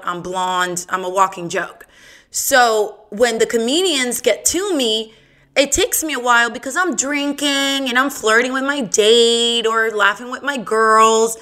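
A woman hosts her own podcast, reading off crude jokes and laughing at herself. Her voice is bright and fairly high, and she talks at an easy, drawn-out pace. The style is loose, giggly and bawdy. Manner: giggly, bawdy, self-mocking joke telling. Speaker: podcast host. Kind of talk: casual solo podcast chat.

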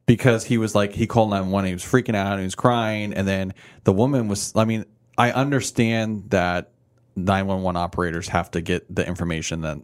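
A man co-hosting a casual podcast chat in a podcast room, talking in an animated, rambling way and acting out the people he quotes. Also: low voice. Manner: animated, acts out quoted voices, fast rambling. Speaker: podcast co-host.

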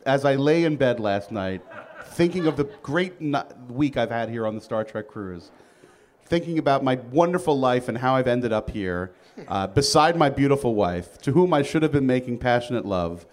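Guy hosting a live podcast, mid pitch, rambly and teasing. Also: animated, moderate pace, darkish tone. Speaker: host.

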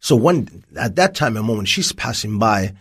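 A man's voice: fairly low pitch, big pitch swings, moderate pace, a bit bright, breathy edge. A man giving a personal testimony as an interview guest, telling his story vividly. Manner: vivid storytelling, acts out dialogue.

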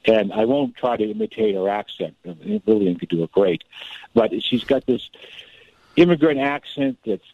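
Gravelly, animated male storyteller. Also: medium pitch, dry recording. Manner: animated, restarts often, storyteller. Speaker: author and guest. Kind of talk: casual radio interview storytelling. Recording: dull, slightly lo-fi radio sound.

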